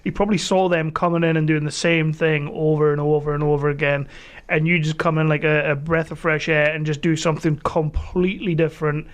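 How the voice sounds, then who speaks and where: A man's voice: fairly high pitch, flat delivery, fairly quick. A man hosting a podcast, asking enthusiastic, rambling questions in casual chat. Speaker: podcast host.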